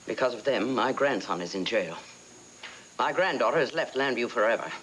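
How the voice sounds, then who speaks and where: A woman's voice: very deep voice, fairly quick, a bit bright, a little hiss or hum, low-quality recording. An actress playing a vindictive older woman in a soap opera, speaking with bitter resolve. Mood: bitter, vengeful. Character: vengeful older woman bent on ruining a rival family.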